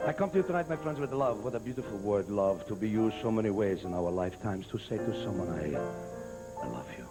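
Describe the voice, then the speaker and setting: A syrupy Italian crooner with a put-on accent and broken English, as a comedian does him on stage, dropping low and soft for his sentimental lines. His voice sits high for a man, and band music plays behind him. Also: racing, close to an everyday voice, poor audio. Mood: schmaltzy. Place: live stage show with a band.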